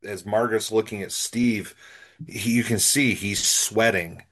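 Lower-voiced guy on a podcast, thoughtful, casual commentary on an episode. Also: fairly even intonation, measured pace, fairly bright tone. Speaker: podcast co-host. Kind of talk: casual chat.

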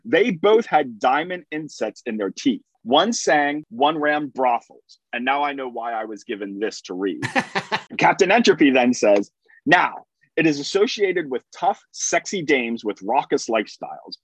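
A man's voice: medium pitch, no room sound, poor audio. A man co-hosting a podcast, reading listener letters with amused asides. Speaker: podcast co-host.

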